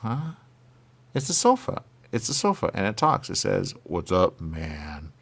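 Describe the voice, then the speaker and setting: A man's voice: big pitch swings, moderate pace, creaky, a bit bright. A man in absurd comedic banter, arguing in goofy circles. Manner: goofy, circular arguing with big pitch jumps.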